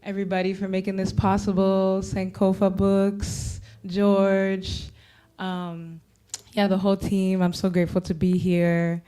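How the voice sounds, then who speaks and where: A woman from Cameroon introducing her poetry performance, thanking organizers with relaxed, hesitant fillers. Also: mid-range voice, a little slow, clear, resonant tone. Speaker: performing poet and musician. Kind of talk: stage introduction before a performance.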